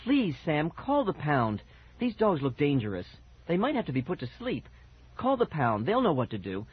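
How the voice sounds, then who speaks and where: A man's voice: a little high, wildly swooping pitch, normal speed, breathy edge, dry recording, full character voice. A man voicing an anxious mother begging her husband to get rid of the dogs. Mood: worried. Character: worried, fussy suburban mother. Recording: dull lo-fi audiobook recording.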